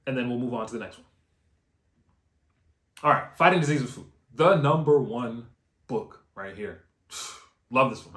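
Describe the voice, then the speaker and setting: A man teaching door-to-door canvassing in an energetic, coaching way, repeating key phrases and checking in with "right?". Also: on the high side. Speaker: canvassing trainer. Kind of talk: instructional video training. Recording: roomy echo.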